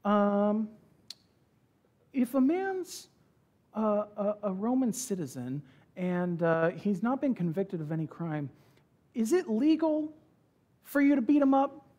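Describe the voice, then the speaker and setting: A man voicing a calm, nonchalant ancient apostle who asks his jailers mock-polite, innocent questions. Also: high voice, slow pace, long pauses, pitched above the performer's own voice, exaggerated voice. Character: cool, nonchalant ancient male apostle prisoner.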